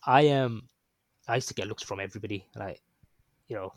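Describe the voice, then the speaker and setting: Here a guest with a fairly low voice talks a little fast while relating what happened to him. It's a loose, halting story with plenty of ums and restarts, recorded dry.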